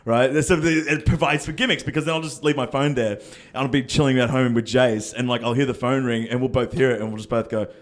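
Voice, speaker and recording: A man co-hosting a podcast, talking quickly at a middle pitch. He chats easily and keeps circling back to the same point. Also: steady tone. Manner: chatty, explains himself in loops. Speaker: podcast co-host. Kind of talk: casual chat.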